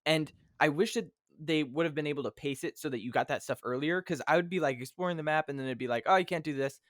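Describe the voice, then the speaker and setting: A man's voice: on the high side, quick pace, no room sound, studio quality. A man hosting a podcast in casual chat, rambling and acting out his own reactions. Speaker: podcast host.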